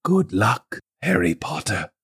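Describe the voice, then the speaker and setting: A calm old wizard headmaster speaks in a hushed, gentle murmur, played by a man. The try at a British accent is soft and a little shaky. It is a comedic podcast read-through. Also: on the high side, measured pace, voice pushed up.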